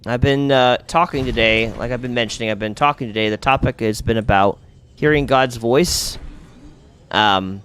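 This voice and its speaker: A man's voice: medium pitch, normal speed, fairly bright tone, clear, resonant tone. A man hosting a casual live gaming stream, chatting with viewers and thinking aloud while he plays.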